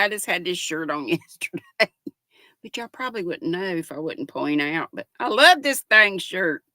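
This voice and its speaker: A woman's voice: low-pitched, sharp tone, no echo, clean studio sound. An older woman hosts a casual livestream, reading viewers' chat in a giggly, folksy way. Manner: chatty, giggly, folksy, talks to viewers as "y'all". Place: at home.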